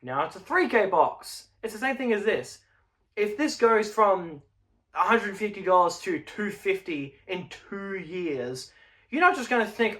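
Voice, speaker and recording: A man's voice: sits high, lively intonation, moderate pace, a bit bright. A young man hosting his own channel, talking bluntly and emphatically in a casual way, with the odd swear. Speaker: channel host. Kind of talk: casual straight-to-camera market talk.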